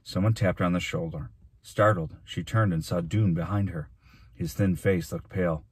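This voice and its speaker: Deep husky man reading a storybook. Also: normal speed. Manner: steady storytelling narration. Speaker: teacher. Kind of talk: reading a novel aloud for children.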